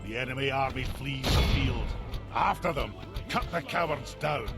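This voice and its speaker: A man's voice: mid-range voice, normal speed, over loud music, natural voice. An actor playing a bold, boastful male army commander in declamatory game voice lines. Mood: rallying. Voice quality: declamatory, proud. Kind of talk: video game unit voice lines.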